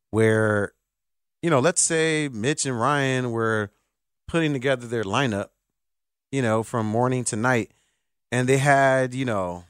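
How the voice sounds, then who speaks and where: A man hosting a sports talk radio show, lively and joking, speaking from a radio studio. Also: medium pitch, no echo. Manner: lively, joking, does voices to mock.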